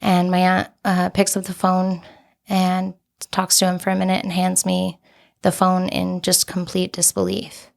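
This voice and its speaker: A woman's voice: lowish voice, monotone, unhurried, gravelly. A young adult woman, a podcast guest, telling a personal story in an earnest, candid way with many casual fillers.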